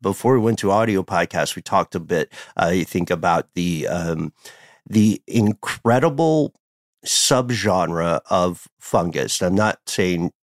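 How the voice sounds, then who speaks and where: A man's voice: deep voice, lively intonation, unhurried, no echo, studio quality. A man co-hosting a casual chat podcast, rambling, punning and laughing easily. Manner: wordplay-loving, digressive, laughs easily. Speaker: podcast co-host.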